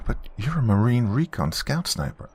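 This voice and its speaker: A man's voice: medium pitch, sing-song, normal speed, darkish tone, husky, pitched above the performer's own voice. A man voicing a young, nervous Army private who talks eagerly and stammers. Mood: excited.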